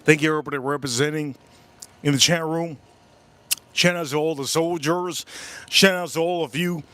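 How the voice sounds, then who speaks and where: A man from the United States hosting a casual livestream, repeating himself often and giving emotional, rapid shout-outs to his viewers. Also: on the high side, fairly even intonation, smooth. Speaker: livestream host.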